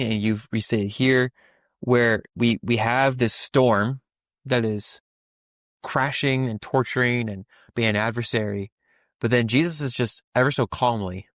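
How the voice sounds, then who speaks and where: A young podcast co-host with a lowish, fairly bright voice is recorded in studio quality with no echo. He discusses a Bible passage casually and rambles, restarting often and using lots of fillers.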